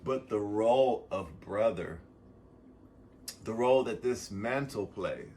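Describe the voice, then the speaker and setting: A man's voice: on the low side, animated, slow, slight background noise. Profane, rambling man near tears. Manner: profane, rambling, swings between loud bursts and soft asides. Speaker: vlogger. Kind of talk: casual motivational monologue.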